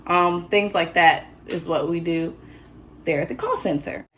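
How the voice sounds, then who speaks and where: A teenage woman vlogging in an animated, chatty storytelling manner. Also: lowish voice, unhurried, slight background noise. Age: teens. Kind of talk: casual chat.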